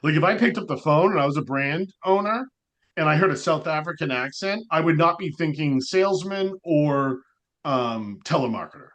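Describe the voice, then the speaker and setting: A man with a slightly raised pitch chatting on a podcast. He rambles and jumps between thoughts, leaning on "like" as he goes. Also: normal speed. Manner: rambling, animated, frequent "like" fillers. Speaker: podcast co-host. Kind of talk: casual podcast chat.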